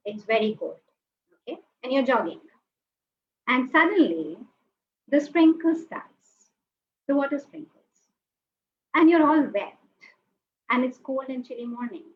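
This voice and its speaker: A woman giving a lively webinar talk, acting out quoted reactions and asking the audience to join in. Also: high-pitched. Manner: animated, acts out quoted reactions, asks the audience. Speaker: webinar speaker. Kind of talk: lively motivational talk with acted asides. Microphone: webinar call mic. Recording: slightly dull audio with faint noise.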